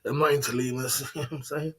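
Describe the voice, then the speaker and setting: A man's voice: medium pitch, fairly even intonation, quick pace, slightly rough. A British man hosting a livestream, telling rambling stories in a casual way, chuckling often and checking in with his listeners. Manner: rambling, chuckles often, keeps asking "you know what I'm saying". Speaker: livestream host.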